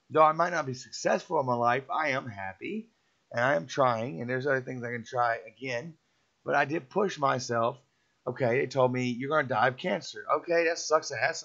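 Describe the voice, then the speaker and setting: A man's voice: mid-range voice, normal speed, creaky, fairly bright tone. Middle-aged guy, motivational rant, repetitive and preachy, muffled lo-fi recording. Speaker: vlogger giving a motivational talk. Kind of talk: rambling motivational monologue. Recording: dull lo-fi sound.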